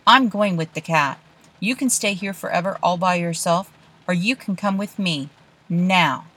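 A woman's voice: on the low side, animated, normal speed, slightly rough. A woman voicing a brave, bossy eleven-year-old girl who tries to sound sure of herself. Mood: firm. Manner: earnest, pleading, bossy.

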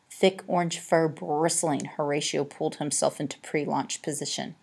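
Low, husky woman reading aloud. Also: fairly even intonation, moderate pace, few pauses, a little mellow. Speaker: audiobook narrator. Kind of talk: scripted narration.

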